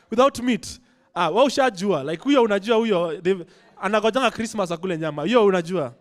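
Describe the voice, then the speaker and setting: A man's voice: high voice, expressive, fast talker, hardly any pauses. A man with a Kenyan accent performing a playful stand-up routine, mixing in Swahili slang. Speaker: stand-up comedian.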